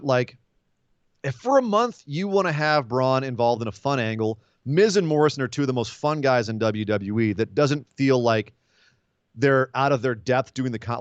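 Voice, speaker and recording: A man co-hosting a casual wrestling podcast, talking fast and acting out scenes with funny voices. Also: mid-range voice, no echo, muffled recording. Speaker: podcast co-host.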